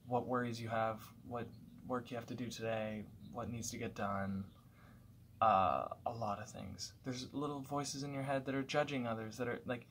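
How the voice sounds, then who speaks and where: A man's voice: mid-range voice, fairly even intonation, normal speed, a bit bright, a little hiss or hum. A man talking through his thoughts in a casual, reflective monologue at home, rambling and restarting as he goes. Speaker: vlogger.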